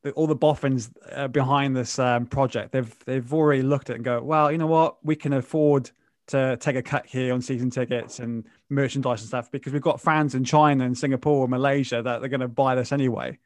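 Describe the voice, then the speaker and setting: Calm man playing devil's advocate. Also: medium pitch, a little fast, dry recording. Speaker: podcast co-host. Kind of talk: casual podcast debate.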